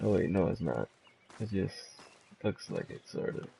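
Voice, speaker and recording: A man's voice: deep voice, wildly swooping pitch, moderate pace, creaky, mellow, a little hiss or hum. A man giving casual, rambling commentary while playing a game, swearing often and laughing a lot. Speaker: gamer.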